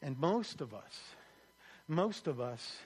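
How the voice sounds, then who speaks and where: Man, pastor, sermon, high voice, emphatic, repeats key phrases, calls for responses. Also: sing-song, slow pace, a little mellow, husky.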